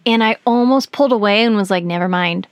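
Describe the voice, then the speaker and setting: A woman hosting a podcast, telling a personal story in casual chat, animated and giggly with lots of fillers. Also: fairly high pitch, fast talker, smooth, no room sound. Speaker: podcast host.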